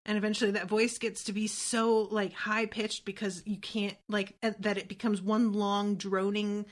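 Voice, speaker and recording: A woman co-hosting a podcast, alternating between reading a book aloud and casual, animated, rambling chat with casual swearing. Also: mid-range voice, moderate pace. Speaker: podcast co-host.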